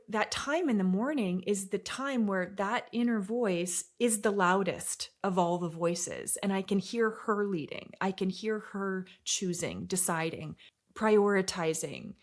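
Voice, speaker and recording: A middle-aged woman hosting a podcast, talking earnestly and reflectively, sometimes dropping to a near-whisper for emphasis and laughing easily. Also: medium pitch. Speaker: podcast host and academy leader.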